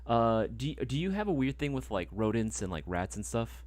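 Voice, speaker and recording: Male stream host, rapid and animated, casual and profane, dry close sound. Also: mid-range voice, no echo. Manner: animated storyteller, swears freely. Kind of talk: casual livestream chat.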